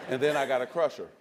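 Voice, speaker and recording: A man's voice: mid-range voice, very noisy. A man answering questions as a guest on stage in front of an audience, chatty, laughing often and using lots of fillers. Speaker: guest speaker. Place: stage before a live audience.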